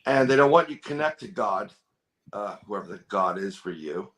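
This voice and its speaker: A man's voice: lowish voice, expressive, moderate pace, fairly bright tone. A man telling a long story on a podcast, rambling with many restarts and quoting other people as he goes. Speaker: podcast guest. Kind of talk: casual storytelling chat.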